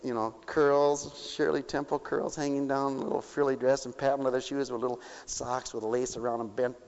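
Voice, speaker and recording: A male preacher delivering an impassioned sermon, swinging between shouted appeals and quiet asides. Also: mid-range voice, fairly even intonation, normal speed, creaky. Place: church. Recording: dull recording in a reverberant church.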